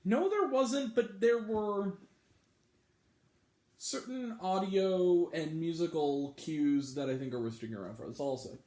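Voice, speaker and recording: A man's voice: high voice, a little slow, darkish tone, roomy sound. A man hosting a movie review video, chatty and enthusiastic, with bursts of swearing. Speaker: movie review channel host. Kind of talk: casual talk-to-camera review vlog.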